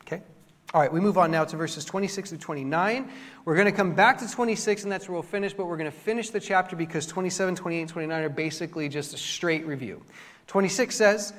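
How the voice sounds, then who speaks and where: A male pastor preaches with animated, self-mocking humor and acts out what people said. His voice sits a little high for a man. A long reverb trails each phrase through the church. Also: a little fast. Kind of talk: sermon with storytelling.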